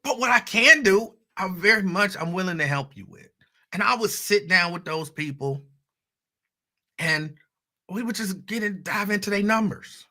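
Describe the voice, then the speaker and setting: Male host, fairly high, very bright voice, casual storytelling with asides to the audience. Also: normal speed. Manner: conversational storytelling, animated asides to listeners. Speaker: radio host. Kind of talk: casual monologue.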